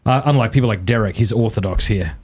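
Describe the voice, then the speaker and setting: A man, a podcast host talking in a relaxed, conversational way with a guest. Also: fairly low pitch, fast talker, husky. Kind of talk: casual chat.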